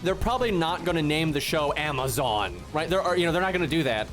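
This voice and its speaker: A man's voice: fairly high pitch, lively intonation, quick pace, over music. A man streaming a game, ranting in casual talk and swearing freely, with a "right?" after nearly every point. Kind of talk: casual live-stream rant.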